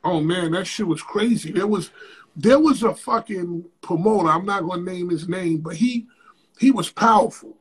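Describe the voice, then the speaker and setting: A man guest in an interview, telling a story in a casual, profane, animated way with sudden loud bursts. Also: high voice, moderate pace, slightly rough.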